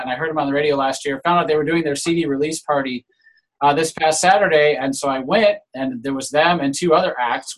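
Husky man telling a story. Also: mid-range voice, rough recording. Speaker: group member telling a story. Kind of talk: casual storytelling.

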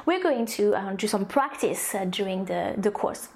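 A woman's voice: medium pitch, lively intonation, normal speed, gravelly, darkish tone, a little hiss or hum. A woman with a French accent, a native French speaker, teaching a recorded language course. She explains step by step, with many ums and restarts. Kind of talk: recorded online course lesson.

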